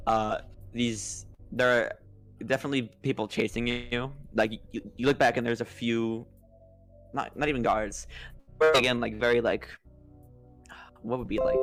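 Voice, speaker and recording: A young man narrating as dungeon master, halting with many fillers and restarts. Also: mid-range voice. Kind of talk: narrating a tabletop game over a voice call.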